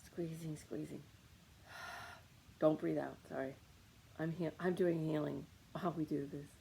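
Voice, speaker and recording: A woman's voice: low voice, fairly even intonation, a little slow, creaky, dark tone, a little hiss or hum, rough recording. A woman leading a guided meditation on anger, coaching listeners with short repeated commands.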